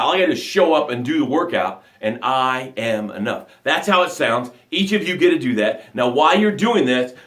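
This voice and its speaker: In an echoey room, a mid-range male voice coaches through a live motivational broadcast. He talks with energy and emphasis while reading viewer comments aloud.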